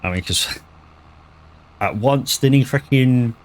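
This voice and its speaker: A man's voice: medium pitch, slow pace. A man chatting casually on a live gaming stream, rambling, stumbling over words and swearing freely. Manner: rambling, swears freely, lots of restarts and stammers.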